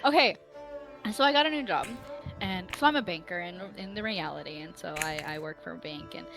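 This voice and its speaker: A woman chatting casually on a live stream, telling an animated story and laughing often. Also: fairly low pitch, a little fast, creaky, over music. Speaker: player. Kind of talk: casual chat.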